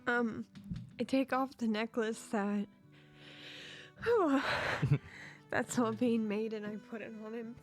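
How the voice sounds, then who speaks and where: A woman with a fairly high voice plays a tabletop game. She talks very slowly and hesitantly, filling gaps with fillers. Soft music plays behind her. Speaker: player. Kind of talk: casual tabletop game play.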